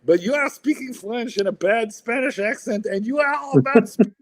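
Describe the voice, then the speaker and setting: Scolding French professor, exasperated and high-pitched, put on by a man. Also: lively intonation, normal speed. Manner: scolding, indignant.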